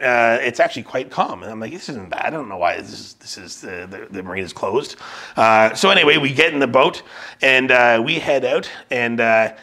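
A pastor with a mid-range, bright, forceful voice preaches a sermon casually and conversationally at a church service streamed online. He tells a personal story, with frequent fillers and restarts.

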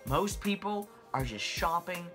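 A man's voice: high-pitched, animated, measured pace, a bit bright, soft background music. A man hosting his own channel, delivering a passionate, emphatic rant to camera and repeating phrases for stress. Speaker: finance channel host. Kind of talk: impassioned money rant to camera.

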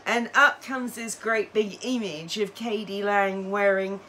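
A woman's voice: mid-range voice, steady tone, unhurried, fairly bright tone, a little hiss or hum. A woman telling a funny story in casual chat, playful and teasing, laughing as she goes.

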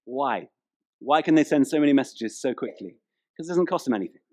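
A man's voice: medium pitch, lively intonation, brisk, a little mellow. A man, preaching a humorous, chatty sermon in a church. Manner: humorous storytelling, chatty, playful with the congregation. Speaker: pastor.

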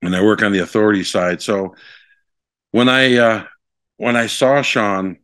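A man from Hawaii talks as an interview guest, winding through an anecdote full of fillers and restarts. His voice sits low. The sound is dry and close. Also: a little slow, clear, resonant tone, no echo. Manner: rambling, animated storyteller with many fillers. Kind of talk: storytelling interview.

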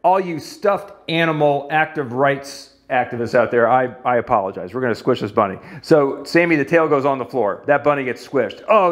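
Playful male fitness coach. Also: a little high. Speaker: fitness instructor. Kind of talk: coaching an exercise demo.

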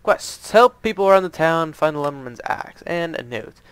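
A man's voice: fairly high pitch, big pitch swings, moderate pace, vocal fry, clean tone, no echo. A man casually commenting as he plays through an adventure map, joking and reading signs aloud. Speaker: gaming channel host.

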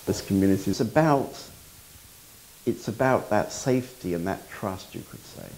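A man, a spiritual teacher, reflecting calmly and in measured phrases during a conversation. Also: on the low side, a little hiss or hum, poor audio.

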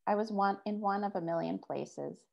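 A woman author reading her own fiction aloud in a measured first-person voice. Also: medium pitch, gravelly, muffled recording.

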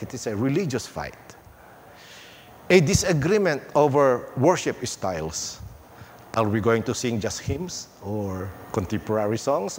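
Guy preaching a sermon real slow, jokey asides, bit of room hum behind. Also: mid-range voice. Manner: unhurried, with playful jokes and emphatic pauses. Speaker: pastor. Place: church sanctuary.

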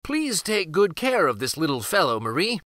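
A man reading aloud and voicing a kind, clever old godfather in a storybook, solemn and unhurried. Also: on the high side, very animated, dry recording, clean studio sound. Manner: solemn, slow and gentle.

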